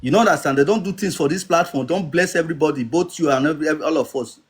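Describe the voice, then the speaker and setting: Insistent Nigerian man, higher voice. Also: racing, a little hiss or hum. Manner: insistent, repeats "you understand?". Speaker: live streamer. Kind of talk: casual live-stream talk.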